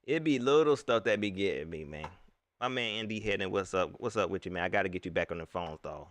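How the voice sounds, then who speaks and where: With no room sound in the recording, a host with a Southern US accent runs a casual live-stream chat. He's lively and laughs readily, and his voice shoots up high whenever he gets worked up.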